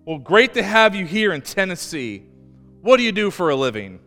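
A man voicing a friendly, chatty white-haired older man within a sermon story, in a hall with soft music. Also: sits high, big pitch swings, normal speed, exaggerated voice.

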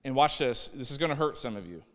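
A man's voice: medium pitch, expressive, fast talker, fairly bright tone. Man preaching a sermon in a reverberant hall. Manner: conversational, acts out quoted people. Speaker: pastor. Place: church sanctuary.

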